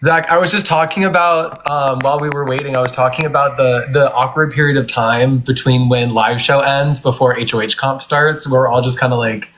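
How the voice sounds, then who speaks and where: A man's voice: mid-range voice, fairly even intonation, a little fast, few pauses, fairly bright tone, a little hiss or hum. A man hosting a casual phone live stream from home, chatty and rambling, often laughing. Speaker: livestream host. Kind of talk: casual chat. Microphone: phone livestream.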